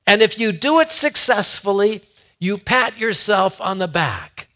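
A man's voice: high voice, sing-song, normal speed, bright, forceful tone. A man giving a conversational sermon in a folksy way, often repeating words as he builds a point. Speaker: preacher.

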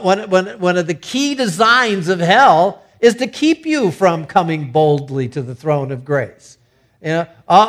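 A man's voice: sits high, fairly bright tone. Conversational man preaching a sermon. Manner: conversational preaching with frequent restarts and fillers. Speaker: pastor.

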